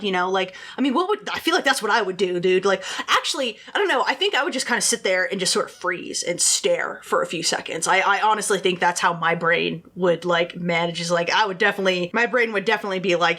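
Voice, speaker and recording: A woman of middling pitch narrates a true-crime case in a loose, conversational way. She fills her sentences with "like" and "you know" and turns to her listeners directly. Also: animated, fairly quick, hardly any pauses, a bit bright. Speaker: podcast host. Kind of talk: casual true-crime storytelling.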